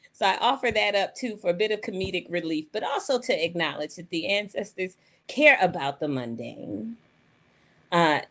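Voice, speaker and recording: A woman telling personal stories in an animated, folksy way, often laughing as she talks. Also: on the low side. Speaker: panel speaker. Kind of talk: personal storytelling.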